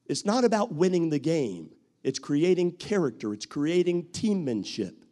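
A man preaching a sermon as pastor, acting out what people say and rising to shouts at his peaks. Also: on the high side, very animated, a little slow.

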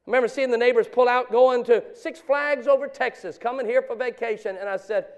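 Middle-aged male preacher with a high voice; sermon delivery that drops to hushed storytelling, then rises to shouted exhortation. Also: fairly quick, hardly any pauses, clean tone. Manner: swings from quiet confessional storytelling to loud preaching. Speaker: pastor.

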